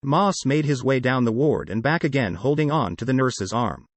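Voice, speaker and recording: A man reading an audiobook in a steady, measured way. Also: mid-range voice, no room sound. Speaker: audiobook narrator. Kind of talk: audiobook narration.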